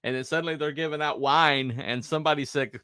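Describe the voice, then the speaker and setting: Animated male podcast host, dry sound. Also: on the high side, quick pace, clear, resonant tone, no echo. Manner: animated, acts out quotes in raised voices, laughs often. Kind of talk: casual storytelling chat.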